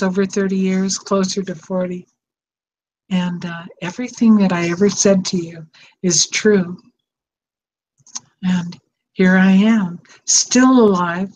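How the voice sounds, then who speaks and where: Speaking in a fairly low, darkish voice, the older woman rambles with emotion and tenderness as she hosts her show as a psychotherapist. It's a casual, heartfelt conversation, and the sound is dull and lo-fi with faint background noise.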